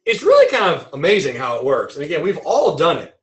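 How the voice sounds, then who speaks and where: A man teaching a trading webinar in a playful, animated way, acting out examples as he explains them. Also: a little high, quick pace, low-quality recording. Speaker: trading instructor.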